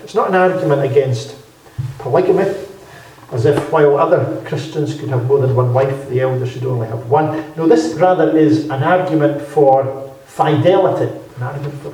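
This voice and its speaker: A man preaching a measured, emphatic Bible-teaching sermon in a hall, repeating key phrases for weight. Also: a little high, mellow, slight background noise. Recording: very echoey hall, speaker far from mic.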